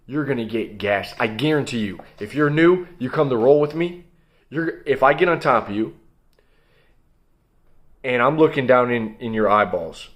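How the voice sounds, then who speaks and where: A man's voice: medium pitch, fairly bright tone. A young man giving a blunt, emphatic motivational monologue as host of his own video channel, coaching listeners directly.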